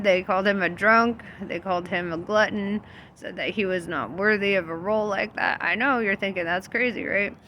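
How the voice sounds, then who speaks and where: A woman's voice: mid-range voice, pushed and bright, slight background noise. A young woman vlogging about faith in a casual, loose storytelling monologue, laughing often and swearing freely. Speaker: spiritual vlogger.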